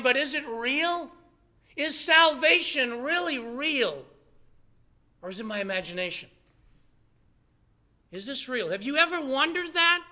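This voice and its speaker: A man's voice: very high voice, sharp tone. A man preaching a sermon as pastor, earnest and conversational, probing his listeners with rhetorical questions.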